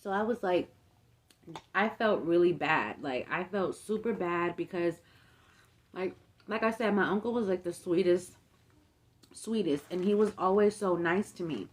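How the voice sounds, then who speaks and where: A woman's voice: fairly low pitch, unhurried, long pauses. Young woman, casual storytime vlog, chatty, profane, lots of fillers. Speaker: vlogger.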